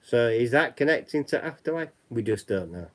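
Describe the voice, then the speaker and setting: With a Yorkshire accent, this West Yorkshire man hosts a livestream, talking briskly and animatedly in a mid-range voice. His casual chat wanders and circles back on itself.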